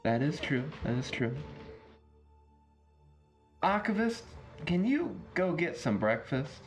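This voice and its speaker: A man's voice: mid-range voice, sing-song, moderate pace, soft background music. A man in a tabletop game, speaking for his character and describing what she does, with many fillers. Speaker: tabletop player.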